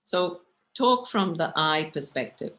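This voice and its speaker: A woman's voice: fairly low pitch, lively intonation, takes it slowly, fairly bright tone. A woman teaching a communication class over a video call, talking conversationally and often checking in with the listeners. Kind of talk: online lecture with slides.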